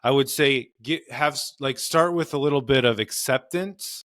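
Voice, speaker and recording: A man's voice: mid-range voice, normal speed, fairly bright tone, no echo, studio quality. A man, a marriage and family therapist, explaining in earnest conversational interview advice with frequent fillers. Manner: earnest, explanatory, many "you know" fillers.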